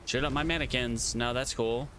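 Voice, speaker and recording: A man's voice: medium pitch, fairly even intonation, normal speed, background noise. A man casually commenting as he streams a game, chatting to viewers and to creatures on screen.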